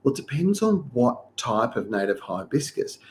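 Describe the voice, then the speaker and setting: A man's voice: medium pitch, very animated, moderate pace, darkish tone. A middle-aged man, hosting a live gardening show. He reads viewers' questions aloud and then gives practical advice.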